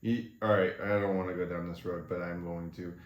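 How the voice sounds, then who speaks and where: A man's voice: low-pitched, fairly even intonation, brisk. A young man co-hosting a podcast in casual chat, laid-back and teasing, trailing off with filler words. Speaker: podcast co-host. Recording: echoey room.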